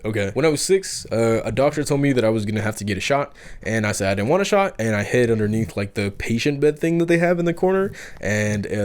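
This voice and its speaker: A man's voice: medium pitch, lively intonation, fast. A young man telling folk tales in a rambling, profane comedy vlog with exaggerated outbursts. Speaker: YouTube host.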